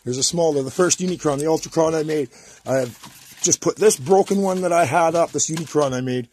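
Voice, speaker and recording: A man's voice: a little high, a little fast, darkish tone, a little hiss or hum. A Canadian man ranting to the camera in his home workshop, agitated and rambling, often repeating himself. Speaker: vlogger.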